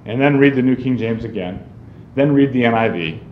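A man's voice: mid-range voice, a little fast. A man teaching a group on how to read the Bible, speaking conversationally and often checking in with "right?". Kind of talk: teaching talk on Bible reading. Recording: roomy, slightly dull recording with faint noise.

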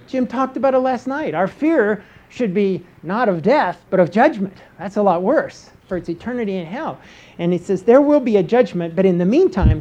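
Mellow-voiced woman teaching a sermon. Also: medium pitch, lo-fi sound. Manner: asks rhetorical questions, checks in with "okay?". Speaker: Bible teacher.

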